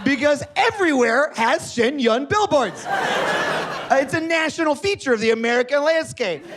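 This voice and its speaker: A man's voice: very high-pitched, moderate pace, crowd noise, background noise. A man performing a stand-up comedy set on a theater stage, telling stories with acted-out quotes. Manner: animated storytelling with acted-out quotes. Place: theater stage before a live audience. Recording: live audience laughter behind.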